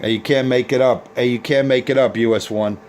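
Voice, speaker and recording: A man's voice: medium pitch, fairly even intonation, a little fast, heavy background noise. A man on a CB radio taunting rival operators in a boastful, repetitive way. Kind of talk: trash-talking radio banter.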